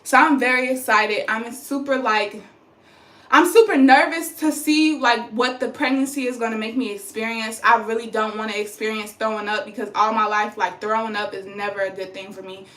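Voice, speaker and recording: A woman's voice: on the high side, steady tone, normal speed, a bit bright. A young woman vlogging casually to her phone about her pregnancy, chatty and rambling, tired. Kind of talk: casual chat to camera. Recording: roomy echo.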